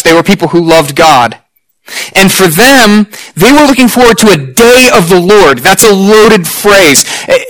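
A man preaching a sermon to his congregation, earnest and emphatic, slowing down for weighty lines. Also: high-pitched, fairly bright tone, low-quality recording. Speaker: pastor.

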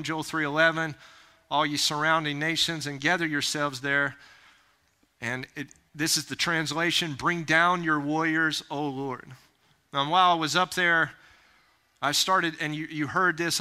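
A man preaching a sermon, plain-spoken and folksy, rising to loud urgent calls. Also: a little high, clear, resonant tone. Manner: animated, rising to near-shouts when urging haste. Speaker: pastor.

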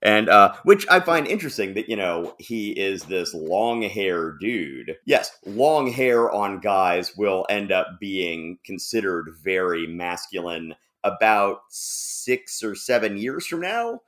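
Low-voiced guy chatting about comics, bouncy pitch, bright forceful tone. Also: slow pace, few pauses. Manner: animated, laughing, hesitant with fillers. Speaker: podcast co-host. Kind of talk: casual chat about comics.

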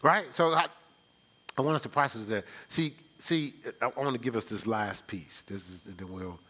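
Male pastor, bright tone, loose rhetorical sermon delivery with frequent call-outs. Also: mid-range voice, moderate pace. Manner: conversational, rhetorical, checks in with "right?". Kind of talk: live church sermon.

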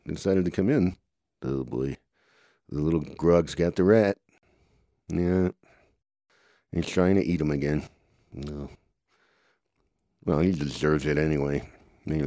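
Man, very low mellow voice, dry recording; rambling improvised storyteller, groans and "oh boy" asides. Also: dry recording. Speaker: storyteller voicing toy characters.

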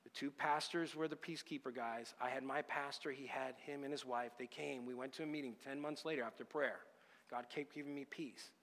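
A man's voice: mid-range voice, fairly even intonation, a little fast, fairly bright tone, in a large hall. Man preaching a conversational sermon story. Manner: conversational, retells events with quoted dialogue. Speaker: pastor.

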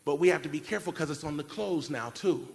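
A man preaching a sermon, telling a family story in an animated way and acting out shouted cries. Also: on the high side, fast, vocal fry. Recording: long reverb of a large hall. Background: keyboard music.

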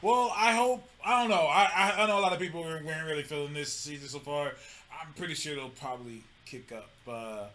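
High, bright-voiced laid-back male co-host. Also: brisk. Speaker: podcast co-host. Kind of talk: casual chat.

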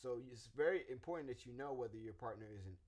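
A man co-hosting a casual podcast on relationships, explaining ideas in a playful, animated way into a studio microphone. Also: mid-range voice, fast. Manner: animated, playful, jokes with silly voices. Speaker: podcast co-host. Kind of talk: casual relationship advice chat.

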